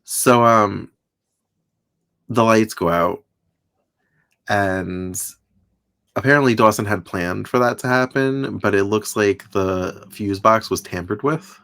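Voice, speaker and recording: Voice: low voice, slow, creaky, pauses often, fairly bright tone, smooth. A podcast co-host in a casual recap chat, retelling scenes with quoted voices and frequent laughs.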